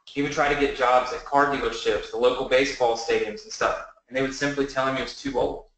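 A man in his early thirties giving a motivational webinar pitch, telling his story earnestly and often asking the audience to say yes. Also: steady tone, quick pace, fairly bright tone. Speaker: online business presenter. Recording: very echoey room.

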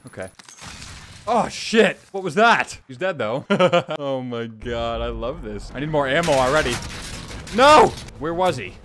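Excitable profane male gamer, lively pitch. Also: a little slow, slight background noise. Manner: profane, excitable, frequent yelling. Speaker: gaming YouTuber. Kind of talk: casual gameplay commentary.

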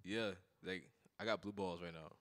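A man's voice: low voice, steady tone, normal speed, fairly bright tone. A young adult man co-hosting a radio chat, laid-back and slangy, swearing casually. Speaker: radio co-host. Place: radio studio.

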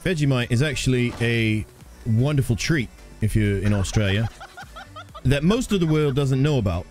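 A man's voice: medium pitch, lively intonation, moderate pace, darkish tone. A man streaming a game live, chatting casually, cracking jokes, swearing and playing up a mock Australian twang. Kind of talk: casual live gaming commentary. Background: game music and gunfire.

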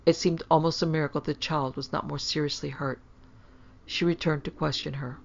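A woman reads a classic ghost story aloud in a steady, measured way. Her voice has a gravelly, creaky texture. The recording is dull and lo-fi. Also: low voice. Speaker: podcast narrator. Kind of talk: scripted storybook narration.

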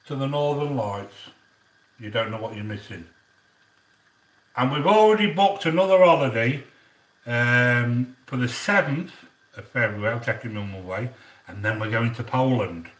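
A man chats his way through a home cooking demonstration, his pitch rising and falling in a lively way. He wanders into rambling asides between instructions, heard from a little way off the mic in a roomy, echoing kitchen. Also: distant mic. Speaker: home cook.

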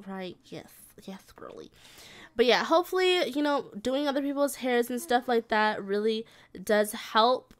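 A woman's voice: mid-range voice, clear, resonant tone. Chatty woman narrating her gameplay. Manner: chatty, slangy, scolds and coos at her game characters like a mom. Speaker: gaming video creator. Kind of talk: casual gameplay commentary.

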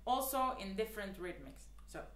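A woman's voice: mid-range voice, lively intonation, normal speed, roomy sound. A woman teaching the clarinet in a casual, chatty way, with lots of fillers and earnest, repeated advice. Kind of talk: casual spoken tutorial.

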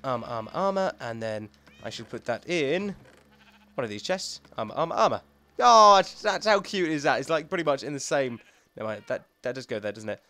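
A young man talking to himself as he plays a video game, rambling and excitable, thinking aloud as he goes. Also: medium pitch, a little fast. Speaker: gaming YouTuber. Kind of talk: let's play commentary.

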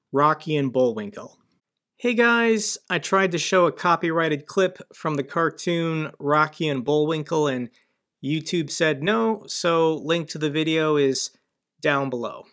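A man's voice: on the high side, fairly bright tone. A man from the United States hosting an online news commentary, talking with sardonic, mocking asides. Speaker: commentary channel host.

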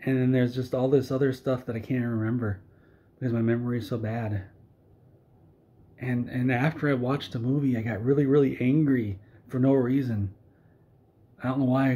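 A man delivering a sarcastic comedic movie rant in a deadpan, mock-earnest way, often stumbling over his words and restarting. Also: medium pitch. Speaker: video creator. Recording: dull lo-fi recording.

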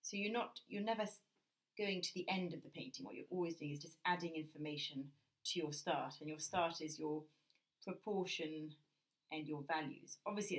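Low-voiced British woman teaching drawing. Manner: gentle, thinking aloud while drawing. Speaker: art teacher. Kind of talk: drawing lesson while working.

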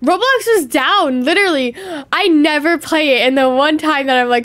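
A young woman streaming a game, chatting in a bubbly, excitable way and greeting viewers. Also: high voice, moderate pace. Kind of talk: casual gaming stream chat.

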